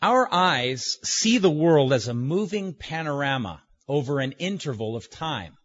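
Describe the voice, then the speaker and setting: A man preaching a sermon, slow and emphatic, with deliberate pauses. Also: on the high side, big pitch swings. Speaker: pastor. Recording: dull lo-fi recording.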